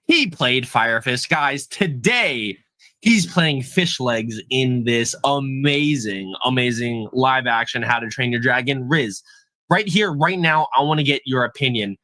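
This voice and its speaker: A man co-hosting a podcast, chatting casually about a movie in a hyped, animated way and often repeating himself. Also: mid-range voice, unhurried, no echo. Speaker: podcast co-host. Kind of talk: casual movie review chat.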